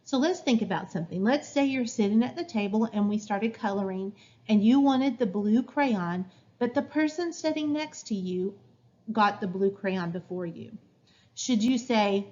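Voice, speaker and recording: A woman teacher explaining classroom rules to young children in a slow, clear, sing-song way. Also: mid-range voice, expressive, dark tone. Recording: dull lo-fi recording.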